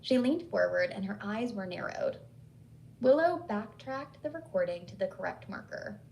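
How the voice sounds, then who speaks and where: A woman host narrating a ghost story in a steady, measured way. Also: medium pitch, creaky, low-quality recording. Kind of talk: scripted horror story narration.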